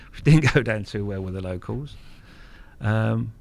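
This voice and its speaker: A man's voice: fairly low pitch, takes it slowly, vocal fry, darkish tone. A middle-aged man from Kent, telling stories as a guest in a casual interview, frank and earthy, swearing freely and repeating words. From Kent, England. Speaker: guest angler.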